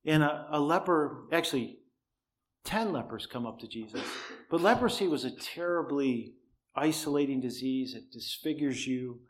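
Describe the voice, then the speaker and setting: A man's voice: fairly high pitch, animated, normal speed. A man preaching, telling a personal story in an easy, conversational way with dry humor; he says he cannot raise his voice. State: cannot shout, voice strained.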